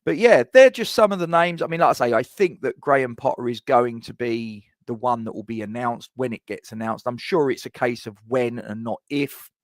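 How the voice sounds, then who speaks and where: A man's voice: medium pitch, normal speed, few pauses, dry recording. A man hosting a fan live stream, chatting casually in rambling sentences with frequent restarts and asides. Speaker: fan channel host.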